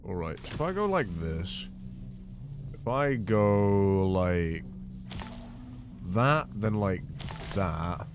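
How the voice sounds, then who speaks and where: Jumpy man yelling through a horror game. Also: deep voice, sing-song, extremely slow, long pauses, noisy background. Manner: jumpy, swings from muttering to panicked yelling. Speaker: gaming video host. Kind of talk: horror game let's play commentary.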